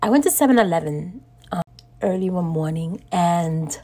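A woman's voice: on the low side, expressive, moderate pace, warm tone. A middle-aged woman hosting a podcast, telling a personal story in a casual, indignant way and laughing often. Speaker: podcast host.

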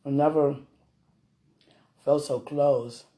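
A man chatting affectionately at home while eating, soft-spoken and often murmuring, in a casual intimate vlog. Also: a little high, fairly even intonation, slow.

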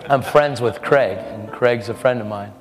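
A man's voice: medium pitch, measured pace. A man preaching a sermon, telling a story in an earnest way and acting out the voices of the people in it. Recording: long hall reverb with faint music.

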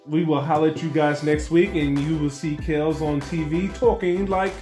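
A man's voice: on the high side, fairly even intonation, normal speed, mellow, reverberant, faint music behind. A man co-hosting a podcast in casual chat, laid-back and joking, laughing often. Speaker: podcast co-host.

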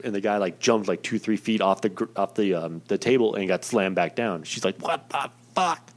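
A man's voice: fairly low pitch, fairly even intonation, fairly quick. A young man casually telling a personal story in a rambling, profane, self-deprecating way.

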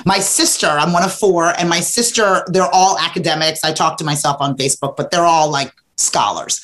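A middle-aged woman, a podcast guest, telling stories in a relaxed interview and acting out her own past remarks with emphasis. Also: fairly low pitch. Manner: animated, emphatic storytelling with acted-out quotes. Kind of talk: casual interview storytelling.

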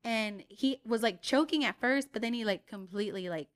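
A young adult woman, a podcast co-host, telling a story in animated casual chat, full of "like" and swearing. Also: a little high, moderate pace.

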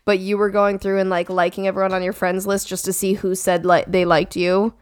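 A woman's voice: mid-range voice, little pitch movement, brisk, clean tone, no room sound, studio quality. A woman in casual conversation, musing and talking ideas through. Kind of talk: casual chat.

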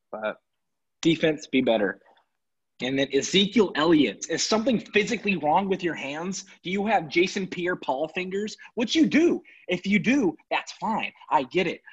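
A man ranting casually and sarcastically about his football team, exasperated and animated. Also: a little high, husky. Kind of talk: casual sports rant. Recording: dull lo-fi recording.

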